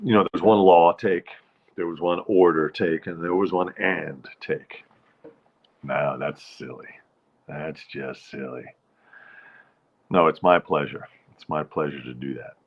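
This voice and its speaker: With a very deep, fairly even voice, a man hosts his nightly live show at an unhurried pace, rambling and chatting as he greets viewers by name and keeps interrupting himself. The audio has its highs cut off.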